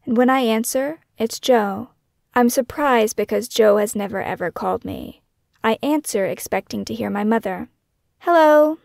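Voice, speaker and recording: A woman narrating her own scripted true-crime podcast in a measured, questioning, somber way. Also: on the high side, fairly even intonation, vocal fry, a little mellow, no echo, studio quality.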